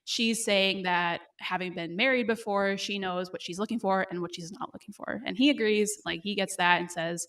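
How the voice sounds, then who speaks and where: A woman co-hosting a podcast, recapping a TV episode in casual chat, with fillers and quick laughs. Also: medium pitch, fairly even intonation, fairly bright tone.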